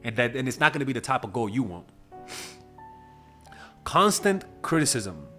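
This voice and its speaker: A man's voice: medium pitch, sing-song, normal speed, pushed and bright, faint music behind. A man giving blunt, casual dating advice in a monologue, swearing freely and acting out quoted exchanges in a raised voice. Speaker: dating coach.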